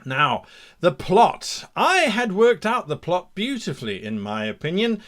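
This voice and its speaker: Animated man giving game master advice. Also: high voice, unhurried. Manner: reflective, self-critical, lively emphasis. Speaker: game master tips host. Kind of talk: talking-head advice monologue.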